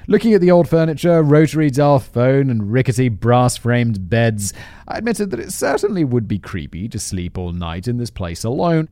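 A man of middle pitch reads a story aloud and breaks off for sardonic, self-mocking asides, swearing now and then. He hosts a podcast and sits close to the mic. The recording is dry, with no echo at all. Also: darkish tone. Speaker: podcast host.

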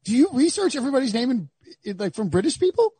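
A man's voice: very high voice, sing-song, fast talker, dark tone, breathy edge, no echo. A man hosting a podcast in rambling, joking casual chat. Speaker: podcast host.

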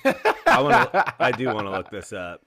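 A man in his thirties co-hosting a casual sports podcast, cracking slow, wry self-deprecating jokes. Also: medium pitch, wildly swooping pitch, pushed and bright. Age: 30s. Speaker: podcast co-host.

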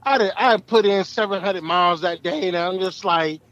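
A middle-aged man, a truck driver, telling stories casually, profane and animated, acting out the people in them. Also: high voice, normal speed, dry recording, highs cut off. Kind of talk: casual podcast storytelling.

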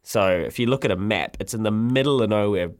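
A man hosting a radio show, telling a story in lively, laughing banter. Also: on the low side, a little fast. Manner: animated storyteller, laughs often. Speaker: radio host.

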